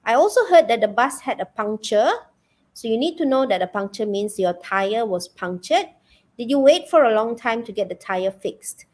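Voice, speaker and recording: A woman with a Malaysian English accent runs a live online English lesson in a fairly high voice. She keeps it animated and asks the class one question after another. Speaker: English teacher.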